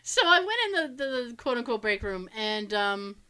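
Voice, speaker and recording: A woman co-hosting a podcast, telling animated stories in casual chat, swearing freely and laughing often. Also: on the high side, moderate pace, clean tone. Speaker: podcast co-host.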